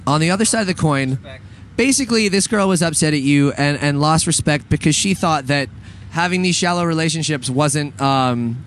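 Man co-host, a touch high, rambling casual banter, frequent fillers, faint background noise. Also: moderate pace, a bit bright. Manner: rambling, laughs often, many fillers and restarts. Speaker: podcast co-host.

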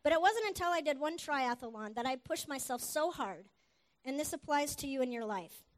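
A middle-aged woman preacher giving an earnest, animated sermon testimony. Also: high voice. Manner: earnest, animated, with quick asides and laughs.

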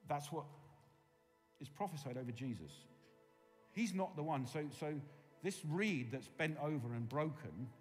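A man preaching a sermon, swinging from loud emphasis to hushed, quiet tones. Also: fairly high pitch, expressive, unhurried, pauses often, faint music behind. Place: church hall with long reverb. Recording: reverberant hall.

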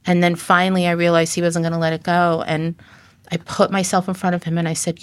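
Middle-aged woman, podcast guest; low voice, earnest, halting storyteller; dry close sound. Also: little pitch movement, no room sound. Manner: earnest, halting, with frequent restarts. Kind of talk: personal storytelling in conversation.

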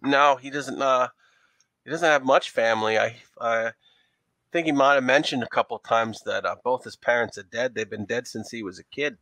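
A man with a New York accent voicing a worried young woman from a dance troupe, answering haltingly with many fillers. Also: mid-range voice, bright, forceful tone, no echo. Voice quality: broad, leaned-in street accent.

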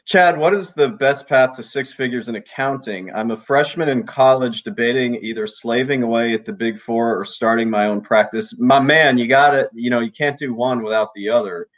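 A man's voice: mid-range voice, moderate pace, hardly any pauses. A man co-hosting a casual late-night chat over a video call, reading donation messages and giving blunt, laid-back advice.

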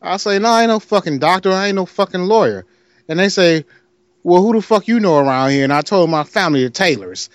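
A man's voice: high voice, a little fast, no room sound. A man with a Detroit accent, casually telling a long story on a podcast, acting out the other people's lines and laughing as he goes. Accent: Detroit, Michigan. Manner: animated storyteller, acts out other voices, laughs often.

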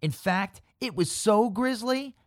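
Slow, lively-voiced male narrator. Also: high voice, no room sound, studio quality. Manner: playful, pun-filled, spells words out letter by letter. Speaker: language explainer. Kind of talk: scripted educational narration.

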